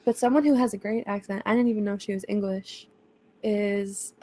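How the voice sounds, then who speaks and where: A woman's voice: a little high, fairly quick, warm tone. Chatty, gushing woman podcaster. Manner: chatty, gushing, laughs often. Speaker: podcast co-host. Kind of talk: casual chat.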